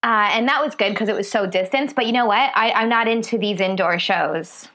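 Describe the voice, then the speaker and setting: A woman comedian chatting as a guest over a remote call, lively and quick to laugh. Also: mid-range voice. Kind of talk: casual podcast chat.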